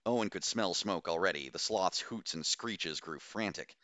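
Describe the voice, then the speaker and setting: A man narrates a novel in a steady, measured way. His voice sits low, with a forceful, bright edge. The sound is dry and close, with no room around it. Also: dry recording. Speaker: audiobook narrator. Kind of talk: scripted audiobook narration.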